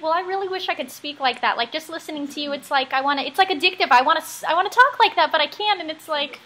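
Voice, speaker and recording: A woman's voice: high-pitched, quick pace, sharp tone. A woman interviewer asking questions in a bubbly, enthusiastic, casual way. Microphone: call line.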